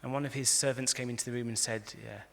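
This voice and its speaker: Gravelly-voiced rabbi lecturing in an echoey hall. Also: male voice, mid-range voice, fast talker. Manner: animated storyteller, frequent restarts, acts out quotes. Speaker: rabbi giving a talk. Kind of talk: lively lecture to a live audience. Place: large convention hall.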